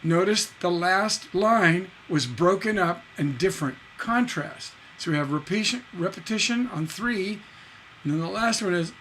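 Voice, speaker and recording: A man's voice: high voice, animated, normal speed, a bit bright, slight background noise. A man teaching a live-streamed songwriting lesson, casually explaining lyric stresses, singing and humming lines and tapping out da-da rhythms to show them. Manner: explains casually, checks in with "right?" and answers chat. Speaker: songwriting instructor.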